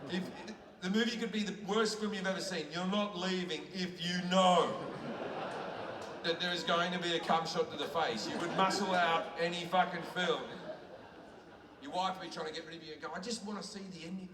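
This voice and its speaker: An Australian man doing brash, crude stand-up that is full of swearing, with a voice that sits high. This bootleg was taped from far back in a theatre audience. The sound rings through a long, echoing hall over loud room noise. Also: steady tone, normal speed. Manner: crude, brash, heavily profane. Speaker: stand-up comedian. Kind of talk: stand-up comedy set. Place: large theatre with live audience. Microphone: bootleg recorded from the audience.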